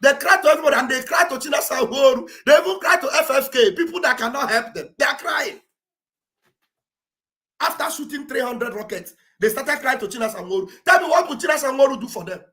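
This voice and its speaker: Speaking a little fast into a streaming setup mic, a Nigerian man delivers an impassioned livestream address in Pidgin-laced English. His booming voice sits high, and he shouts his appeals loudly and preachily, pulpit-style, to rally his audience.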